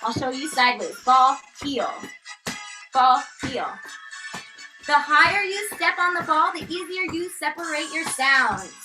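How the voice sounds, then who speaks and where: A woman's voice: high voice, lively intonation, normal speed, few pauses, recorded from a distance, music in the background. A woman in her thirties teaching a tap dance class, upbeat and counting out steps as she goes. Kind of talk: live online dance class instruction.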